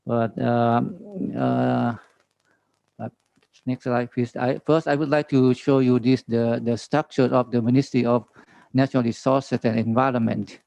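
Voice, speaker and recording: Thai-accented man, gravelly and flat. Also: medium pitch, no room sound, poor audio. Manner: halting, many fillers, reading slides. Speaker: government forestry official presenting. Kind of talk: conference presentation with slides.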